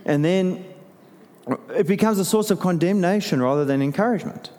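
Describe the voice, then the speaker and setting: A man's voice: high voice, brisk. Conversational male preacher in a reverberant hall. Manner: conversational, animated preaching with self-deprecating asides. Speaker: pastor. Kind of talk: sermon.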